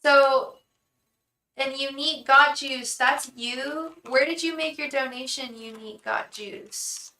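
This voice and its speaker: A young woman hosts a live tarot reading, talking straight to her viewers. Her voice is bright and crisp, and she chats effusively, thanking people by name and looping back over the same phrases as she reads the cards. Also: high-pitched, a little slow, few pauses, poor audio. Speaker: tarot reader hosting a live stream.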